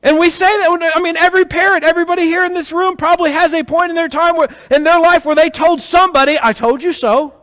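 A man preaching a sermon to a congregation, telling stories with rhetorical questions in an animated way. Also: very high-pitched, fast, few pauses. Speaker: pastor. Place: church hall with congregation. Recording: echoey hall.

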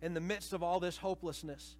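A man preaching a sermon to a church congregation, dramatic, swinging between hushed and loud passages and acting out voices. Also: high voice, fairly even intonation, a little fast. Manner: acts out quoted voices. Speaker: pastor. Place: church sanctuary. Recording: reverberant church hall.

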